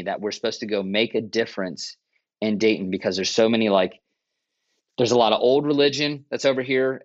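A man's voice: on the low side, no echo. A man telling his story earnestly in a casual podcast interview, with plenty of restarts. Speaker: church planter guest. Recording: muffled, dry podcast audio.

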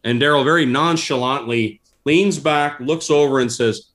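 A man telling stories in a casual interview, animated and laughing as he goes. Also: mid-range voice, moderate pace. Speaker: guest. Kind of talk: casual storytelling.

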